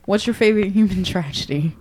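A woman's voice: medium pitch, fast talker, mellow. A woman co-hosting a casual podcast chat, blunt and playful, swearing freely.

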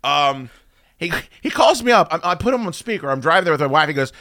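Animated, profane male show host. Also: a little high, fast, dry recording, clean studio sound. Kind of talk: casual podcast banter.

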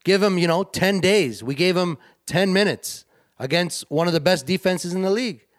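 A man co-hosting a sports show, quick and emphatic in casual commentary. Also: sits high. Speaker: sports podcast co-host.

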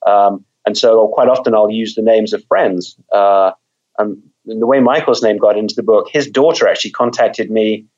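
A man with a lowish voice, talking as a guest author. He is thoughtful and loose, and he often restarts his words. The audio is dull and lo-fi. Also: normal speed, a little mellow. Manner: thoughtful, repeats words while thinking. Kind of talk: conversational interview.

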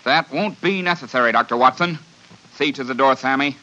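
An actor playing a soft-spoken, menacing gang leader with a faint lisp in a 1940s radio drama. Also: male voice, medium pitch, a little fast, natural voice. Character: Lou the Lisper, menacing smooth gang leader. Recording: dull old radio broadcast.

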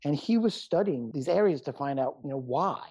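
A man's voice: fairly high pitch, lively intonation, a little fast, darkish tone, breathy edge, dry recording. A middle-aged man, a doctor and author, chatting as a guest in a rambling, self-deprecating way. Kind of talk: casual interview chat. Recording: muffled lo-fi sound.

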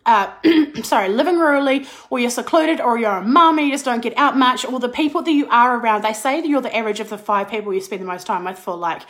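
A bubbly, excitable woman, a business coach chatting on a live stream with a slight cold. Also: fairly high pitch. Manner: bubbly and excitable, laughs and restarts often. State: slight cold, clearing throat. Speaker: business and mindset coach, podcast host.

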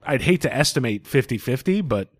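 A man's voice: medium pitch, expressive, fairly quick, no room sound, studio quality. A man hosting a podcast in casual chat, laughing often and swearing casually. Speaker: podcast host.

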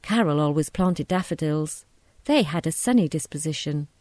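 A woman reading a short story aloud in a measured, descriptive narration. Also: low-pitched, animated, darkish tone, no room sound.

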